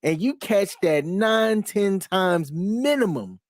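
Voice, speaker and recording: A man's voice: high voice, expressive, slow, no echo, clean studio sound. A man, co-hosting a casual reaction chat in a laid-back, teasing way. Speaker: co-host.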